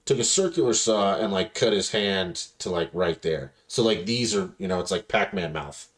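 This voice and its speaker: This man's voice is low-pitched and moves at a moderate pace. Hosting a podcast, he chats casually through meandering, foul-mouthed anecdotes, performing the characters' lines with animated flair.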